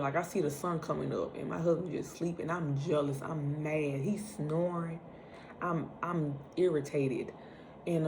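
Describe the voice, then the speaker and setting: A young woman, casually telling a personal story, animated and acting out the lines she quotes. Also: sits low, slight background noise. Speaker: vlogger.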